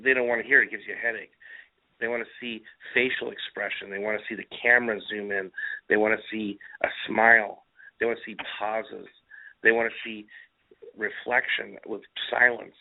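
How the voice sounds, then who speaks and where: Rambling man on tinny talk radio. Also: lowish voice. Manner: rambling, emphatic, repeats himself. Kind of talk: casual political talk radio. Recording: narrow phone-like radio sound.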